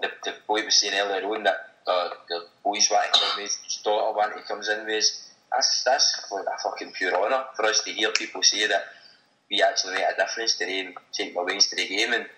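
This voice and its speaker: A man's voice: fairly low pitch, steady tone, fairly quick, sharp tone, roomy sound, rough recording. A Scottish man telling a story as a guest in casual chat, swearing freely and laughing as he talks. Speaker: guest, supporters' group member.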